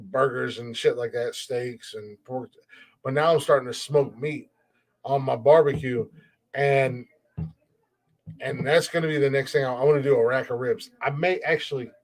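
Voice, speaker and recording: A playful American comedy podcast host jokes and makes fun of himself in casual chat. His mid-range voice has a darkish tone.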